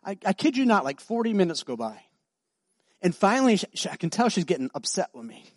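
High-voiced pastor, animated storytelling sermon. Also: male voice, no echo, studio quality. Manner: conversational, animated, acts out dialogue; drops to soft, slow voice for emotional moments.

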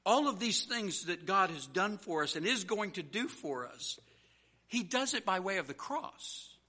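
A man's voice: high-pitched, big pitch swings, measured pace, sharp tone. A man preaching a sermon as pastor, earnest and emphatic, mixing plain storytelling with repeated call-and-answer lines. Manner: conversational storytelling with restarts.

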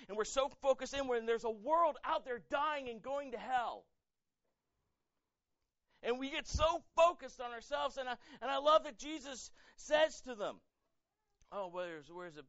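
Male pastor, high-pitched, dry and slightly dull sound, lively sermon delivery. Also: moderate pace, no room sound. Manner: animated, acts out quoted voices, rises to loud emphatic peaks.

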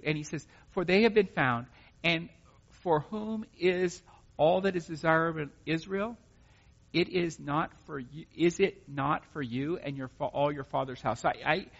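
A man reading scripture aloud and explaining it in a relaxed, conversational way, thinking aloud as he goes. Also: fairly high pitch. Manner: conversational, thinks aloud, plain-spoken asides. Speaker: Bible study teacher. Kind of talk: informal scripture reading and commentary. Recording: muffled recording with long hall reverb.

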